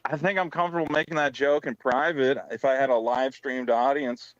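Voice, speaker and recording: A man in a heated casual online debate, defending himself in a measured way. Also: medium pitch, fairly even intonation, dry recording, lo-fi sound. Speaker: comics debate guest.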